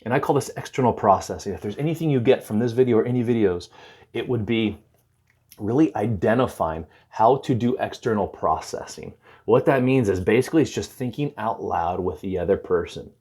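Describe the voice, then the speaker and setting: A man's voice: lowish voice, brisk, husky. A man talking to camera with advice, retelling a conversation and acting out the lines. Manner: animated storyteller, acts out dialogue. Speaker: recovery counselor.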